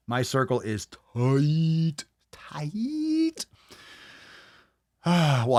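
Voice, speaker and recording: Male podcast host, crude and loud, lowish voice, dry close sound. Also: no room sound. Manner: swears constantly, loud and animated; reads viewer comments aloud. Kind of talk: profane live-stream rant.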